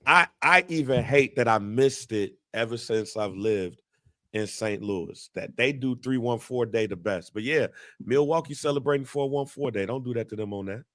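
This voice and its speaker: Man, casual podcast chat, blunt and profane, middle-pitched voice, dry close sound. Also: moderate pace, a bit bright, dry recording. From Midwest United States. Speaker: podcast co-host.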